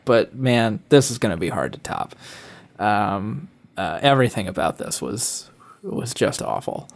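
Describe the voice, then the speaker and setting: A man's voice: on the low side, sing-song, a little slow, creaky. A man co-hosting a podcast, talking in a laid-back, profane way with easy laughs. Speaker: podcast co-host. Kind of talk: casual chat.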